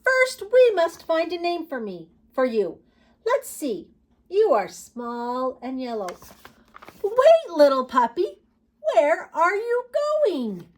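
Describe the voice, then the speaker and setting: A cheerful little girl talks to her new puppy in a high, bright, sing-song storybook voice, as a woman reading aloud puts her on. Her lines rise and fall eagerly and come at an unhurried, careful pace. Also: wildly swooping pitch, exaggerated voice.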